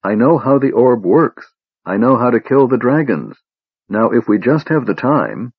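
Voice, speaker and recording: A man's voice: medium pitch, big pitch swings, a little slow, slightly rough, dry recording, phone-quality sound, voice pushed up, full character voice. A man voicing a determined young elf woman in an audiobook, urgent and pleading. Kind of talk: audiobook character voice.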